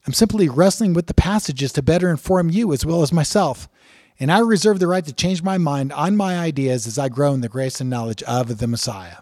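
A man's voice: on the high side, a little fast, darkish tone, dry recording, clean studio sound. A man teaching from scripture in an earnest way, reading passages aloud with emphatic rises and talking through their meaning. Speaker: Bible teacher.

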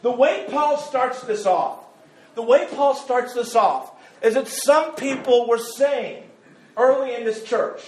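A man with a high voice preaches a sermon, speaking in a loose, joking, conversational way. He often stumbles and repeats words as he builds his point. His voice rings in an echoey church room. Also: takes it slowly, darkish tone, slight background noise. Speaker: pastor. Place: church sanctuary.

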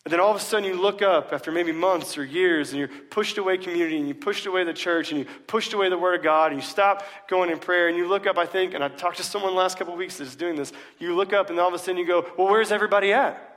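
Guy pastor preaching, casual and punchy, kinda high voice, lots of hall reverb. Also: fast, few pauses, a bit bright. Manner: casual, emphatic, slangy. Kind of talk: sermon. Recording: long reverb of a large hall.

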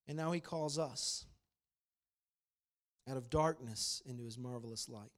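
With a mid-range voice and measured pace, a male pastor preaches a sermon. He swings between loud, emphatic proclamation and quiet, conversational storytelling.

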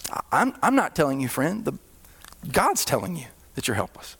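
A male pastor preaching a sermon, with sudden swells in volume and hushed, slowed drops. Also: a little high, wildly swooping pitch, creaky, husky. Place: church hall. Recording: reverberant hall.

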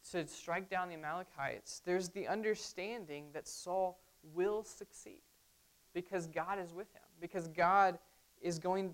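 Low-voiced woman preaching conversationally. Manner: conversational, frequent "right?" asides to the congregation. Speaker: pastor. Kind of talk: sermon.

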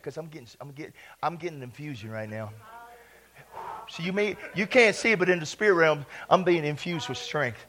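A male pastor preaching a charismatic sermon, exuberant, breaking into long bursts of laughter and shouts, then dropping to a soft confiding tone. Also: high voice, animated, a little fast. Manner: drops to soft confiding tone between outbursts.

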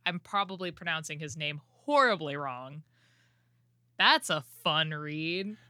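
A woman co-hosting a podcast in casual chat, telling a story in halting, rambling fashion with many fillers. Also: deep voice, lively intonation, bright, forceful tone, no echo, clean studio sound. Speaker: podcast co-host.

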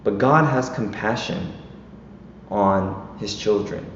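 A man's voice: lowish voice, takes it slowly. A man in his thirties or forties preaching a casual, conversational sermon, often checking in with "right?". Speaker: pastor. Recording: echoey hall, dull, faint noise.

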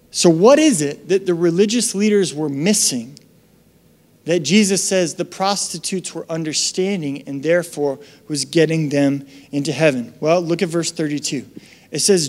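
A young man preaching a casual, animated sermon, chatting and acting out quotes in raised voices. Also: a little high. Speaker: pastor. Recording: long hall reverb.

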